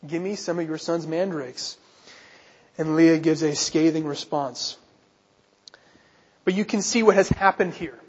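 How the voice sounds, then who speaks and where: In a church, a man with a high-pitched, husky voice preaches a sermon as pastor, earnestly driving his points home with rhetorical questions. The recording has a reverberant hall sound and is muffled.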